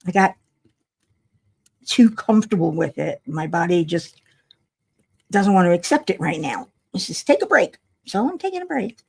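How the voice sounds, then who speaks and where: This older woman's voice sits on the low side, animated yet gravelly, slightly rough and a little mellow, at a moderate pace with long pauses. Crafting at home on a livestream, she yawns tiredly and rambles wryly to herself in casual chat.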